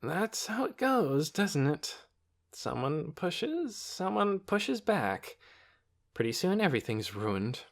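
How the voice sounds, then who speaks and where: A man voicing a weary, kindly middle-aged woman doctor who speaks slowly. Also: on the high side, wildly swooping pitch, creaky, fairly bright tone, pitched above the performer's own voice, heavily acted. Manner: weary and slow.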